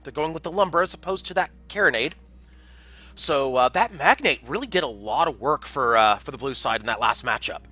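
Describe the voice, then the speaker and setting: A man's voice: medium pitch, expressive, brisk, bright, forceful tone, soft background music. A man casting a community game tournament on a livestream, chatty and jokey, reading out chat messages. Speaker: tournament caster.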